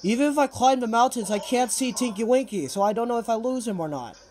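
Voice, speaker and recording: A man's voice: very high voice, lively intonation, fast talker, darkish tone. Young male gamer, nervous running commentary, sudden panicked yelps, casual delivery. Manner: jittery, frequent panicked outbursts. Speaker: game player.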